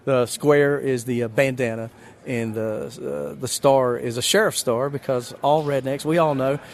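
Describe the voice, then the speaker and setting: A man's voice: medium pitch, fairly even intonation, normal speed. A man with a Southern US drawl talks through an interview. He rambles from one folksy story to the next and plays himself down. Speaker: magician guest. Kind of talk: casual interview chat.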